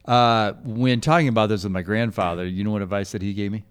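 A man co-hosting a church podcast, telling family stories in casual chat and getting animated when he quotes people. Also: lowish voice, quick pace, smooth. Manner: storytelling, animated when quoting. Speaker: podcast co-host.

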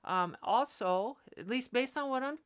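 A woman's voice: on the high side, animated, unhurried, clear, resonant tone. A woman dog trainer hosting a podcast, giving blunt, emphatic advice in a casual way. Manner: blunt, emphatic, laughs between points.

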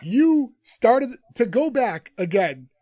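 With a very high, sing-song, mellow voice, this man speaks slowly as he co-hosts a podcast recapping a TV episode. Chatty and laughing often through the scenes, he's captured in studio quality with no room sound.

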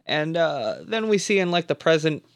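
A man's voice: a little high, big pitch swings, moderate pace. Rambling man recapping a film. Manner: rambling, loose, with frequent fillers. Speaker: podcast co-host. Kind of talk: casual film recap chat.

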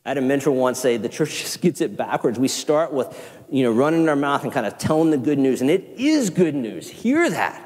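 A man with a Southern accent preaches in a sanctuary at a middling pitch. His talk is animated and conversational, and he pokes fun at himself as he goes. A long reverb trails every phrase. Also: brisk. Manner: animated, conversational preaching with self-deprecating asides. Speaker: pastor. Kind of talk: sermon.

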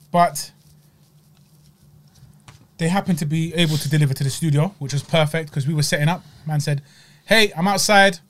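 A man hosts a podcast, talking about desserts in an animated, emphatic way, with lots of slang and repeated lines. His voice sits a little high for a man. He is recorded in a studio. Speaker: podcast host. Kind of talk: casual food review chat.

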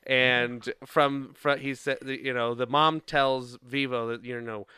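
A man with a bright, crisp voice and a steady middle pitch rambles through a story, laughing often and filling pauses with "um" and "like". The sound is close and dry, with no room around it. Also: no room sound. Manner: rambling and playful, laughs often, many fillers. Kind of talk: casual chat, rambling plot retelling.

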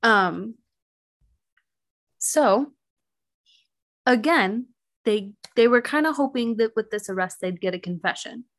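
A woman's voice: a little high, animated, slow, long pauses. A young woman co-hosting a podcast, telling a true crime case in casual chat full of "like" and "um". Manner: chatty, heavy use of "like" and "um".

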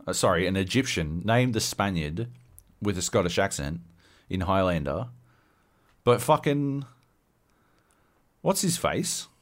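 A man co-hosting a casual podcast, ranting loosely and swearing a lot. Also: lowish voice. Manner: profane, animated ranting. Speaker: podcast co-host.

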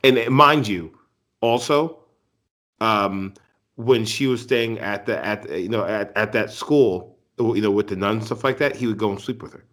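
A man in casual conversation, talking in a rambling, halting, profane way. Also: fairly low pitch, a bit bright. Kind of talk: casual chat.

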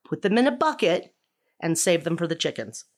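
A middle-aged woman with a slightly low voice tells stories as a guest on a podcast. She is an animated storyteller and laughs often as she talks. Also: normal speed. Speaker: guest, stage actor. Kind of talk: casual conversational interview.

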